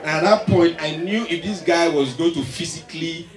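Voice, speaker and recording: A man with a Nigerian accent telling a stand-up story, animated and getting loud on the punchlines. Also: on the high side, moderate pace. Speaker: stand-up comedian. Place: large live venue stage. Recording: echoey hall, distant mic, loud crowd.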